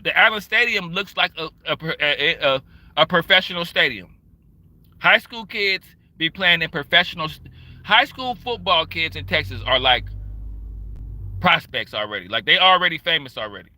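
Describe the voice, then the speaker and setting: Sharp, animated ranting man. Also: a little high, normal speed, no echo. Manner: animated, profane, emphatic. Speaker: livestreamer. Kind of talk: casual ranting commentary.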